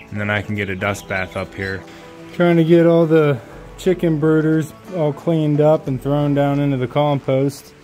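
A man vlogging casually from his chicken coop, talking gently to his dog and hens. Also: medium pitch. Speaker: homesteading vlogger. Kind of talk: casual vlog narration. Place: chicken coop on a rural property.

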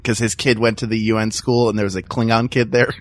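A man's voice: fairly low pitch, level tone, fast. A man who voices characters, hosting a podcast and asking eager, enthusiastic questions. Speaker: podcast host, voice actor. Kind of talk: casual podcast chat.

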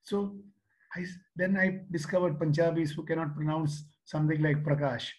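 An older man with a Kerala Malayali accent in his English gives a motivational talk to youth. His voice sits fairly high for a man. He speaks in a storytelling way, repeating phrases and tossing in a questioning "huh?". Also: fairly even intonation, moderate pace, rough recording. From Kerala, India. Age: 60s. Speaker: seminar speaker.

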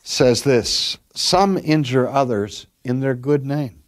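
Older pastor preaching earnestly. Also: male voice, mid-range voice, expressive. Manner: earnest storytelling, drawn-out emphasis on key words. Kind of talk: sermon.

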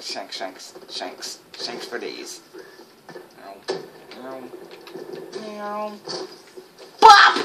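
A woman giving excitable, jokey live commentary while playing a shooter game, with sudden high yelps. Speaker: gaming channel host. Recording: game noise behind.

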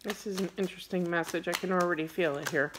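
A middle-aged woman giving a casual tarot reading to camera, animated and quick to get wound up and scold playfully. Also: fairly low pitch, noisy background. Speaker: tarot card reader.

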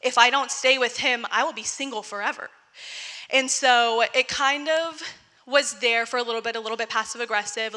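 Young woman, candid church testimony, chatty filler-heavy talk, higher pitch, crisp bright voice. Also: long reverb tail. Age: young adult. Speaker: testimony speaker. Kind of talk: personal testimony.

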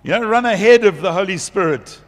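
A man's voice: sits high, brisk. Middle aged pastor guy preaching at a big conference, chatty, keeps laughing, lots of reverb. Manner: lively, chatty, laughs between points. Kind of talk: conference sermon. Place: large conference hall. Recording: long hall reverb.

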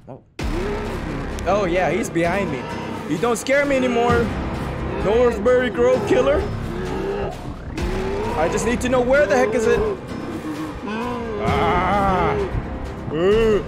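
A young man gives nervous running commentary on a horror game, dropping to hushed mutters and then bursting into panicked shouts. His voice sits high and swings widely in pitch, and it sounds a little worn. Game music plays clearly behind him. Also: very animated, slow pace, long pauses. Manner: talks to viewers while playing. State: losing his voice. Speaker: gaming YouTuber.

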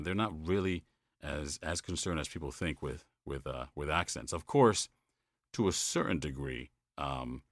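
Deep-voiced man telling animated stories. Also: dry recording, clean studio sound. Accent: New York-New Jersey. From United States. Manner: animated storytelling, says "man" a lot. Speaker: voice actor, guest. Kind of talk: casual interview.

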